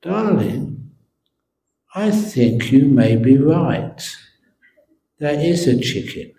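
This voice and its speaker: Storytold newlywed husband, playful, yields tenderly, voiced by a man; slow, in a roomy hall. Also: high-pitched, expressive, creaky, far from the mic, slight background noise, pitched above the performer's own voice, full character voice. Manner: playful, mock-insistent then tender. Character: newlywed husband, gently arguing then yielding.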